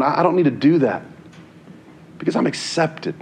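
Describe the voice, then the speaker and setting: A man's voice: fairly high pitch, lively intonation, normal speed, gravelly, slight background noise. A man preaching a sermon in an earnest, conversational way, sometimes repeating words as he goes.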